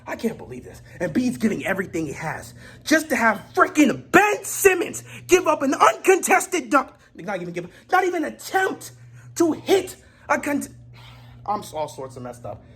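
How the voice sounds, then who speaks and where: A woman delivering a heated sports rant, exasperated and repeatedly shouting in disbelief. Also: sits high, huge pitch swings, normal speed. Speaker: sports commentator.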